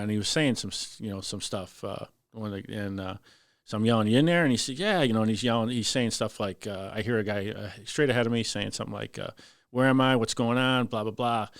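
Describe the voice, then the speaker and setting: Veteran fire lieutenant, fairly low voice, lively storyteller; dry studio sound. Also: male voice, quick pace, no room sound. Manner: animated, acts out voices in his story. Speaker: firefighter lieutenant guest. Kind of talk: casual storytelling on a podcast.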